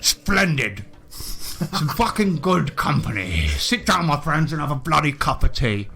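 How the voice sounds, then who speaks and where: Guy doing a loud pompous explorer dude, swears nonstop, rambles, high-ish voice. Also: big pitch swings, unhurried, creaky, breathy edge, heavily acted. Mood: blustering. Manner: boastful, swears constantly, rambling and rude. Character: blustering pompous male explorer and zoo owner.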